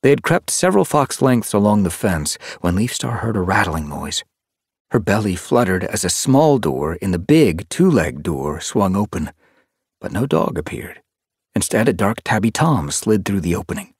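Deep, animated male audiobook narrator. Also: moderate pace, slightly rough, dry recording, clean studio sound. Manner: expressive, animated storytelling. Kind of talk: scripted narration. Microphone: close studio mic.

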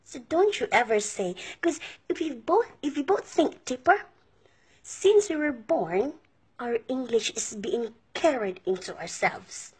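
A woman's voice: fairly high pitch, lively intonation, measured pace, darkish tone, husky. A Filipino woman from the Philippines scolding in a confrontational rant, throwing in Arabic insults. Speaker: overseas worker vlogger. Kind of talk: angry rant to camera.

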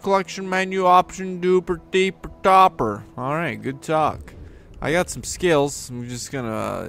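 Goofy man yelling through a game. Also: on the high side, gravelly, slight background noise. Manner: goofy, jokey, yells at enemies. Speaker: gaming video host. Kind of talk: let's play commentary.

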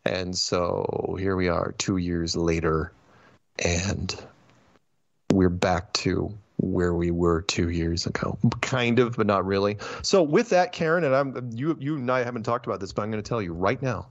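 A man hosting a casual online talk show, ranting animatedly with quick asides and restarts. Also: sits low, animated, no echo, muffled recording. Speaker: podcast host. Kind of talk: casual chat.

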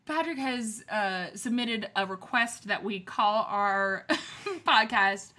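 Bright, chatty young woman co-host. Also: medium pitch, expressive, slow pace. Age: young adult. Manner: chatty, jokey, swears freely, laughs often. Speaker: podcast co-host. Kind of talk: casual chat on a live-streamed podcast.

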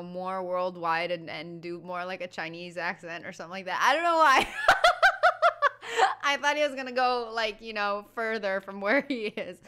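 A woman's voice: medium pitch, sharp tone, smooth. An American woman hosting a reaction video, chatty and giggly, rambling through her thoughts. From United States. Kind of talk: casual reaction chat.

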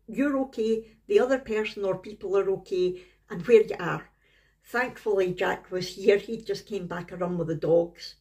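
A woman's voice: medium pitch, a little mellow. A middle-aged woman with a Scottish accent talks straight to camera in a home vlog. She tells her story in a chatty, rambling way, like she is catching up with a friend. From Scotland. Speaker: family vlogger. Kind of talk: casual talking-to-camera vlog.

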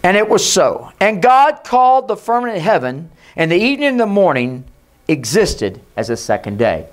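A pastor giving an emphatic sermon in a church, sometimes hushed and sometimes shouting, and calling on the congregation to repeat his words. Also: high-pitched, sing-song, normal speed. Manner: leads the congregation in call and response. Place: church sanctuary.

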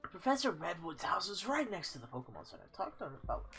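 Bright, lively-voiced gaming man. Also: high voice, fast talker, soft background music. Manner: reads game text aloud, jokes and swears. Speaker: let's play host. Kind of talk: casual gameplay commentary.

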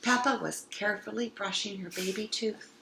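A woman reading a children's picture book aloud with expressive narration. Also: mid-range voice, moderate pace, vocal fry, slight background noise. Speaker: storybook reader. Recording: roomy echo.

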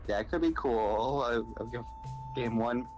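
A man trades dry jokes during a let's play in a mid-pitched voice. Clear game music plays behind him. His remarks are casual and wry. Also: a little slow, poor audio. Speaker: co-player guest.

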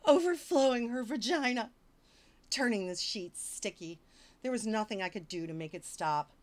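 A woman's voice: fairly high pitch, normal speed. A woman streamer reading fiction aloud on a casual livestream, breaking off for wisecracking, mock-exasperated asides.

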